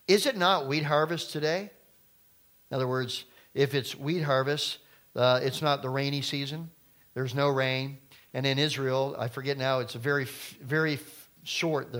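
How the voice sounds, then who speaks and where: A middle-aged man preaching a sermon as pastor, talking casually to the congregation and turning suddenly loud for emphasis. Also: medium pitch.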